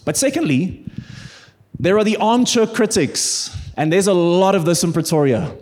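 A man's voice: high voice, lively intonation, normal speed, darkish tone. A man preaching a sermon as a pastor, earnest and emphatic, with playful humour.

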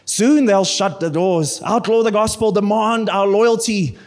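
A man's voice: sits high, unhurried. A man mimicking a conspiracy-minded end-times preacher in a sarcastic, mock-dramatic way. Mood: mock alarm.

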